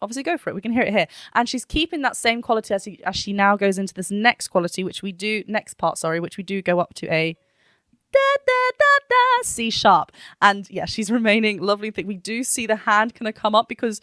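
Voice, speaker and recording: A woman's voice: medium pitch, quick pace, hardly any pauses, fairly bright tone, no room sound, studio quality. A woman vocal coach talking through a song in a chatty, analytic way, now and then singing short vowel demos. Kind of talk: reaction and analysis talk.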